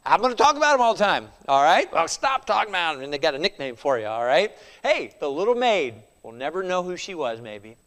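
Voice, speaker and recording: A man's voice: a little high, big pitch swings, a little fast, few pauses, fairly bright tone, long reverb tail. A man preaching a sermon in a conversational way, chuckling often and tossing in rhetorical asides.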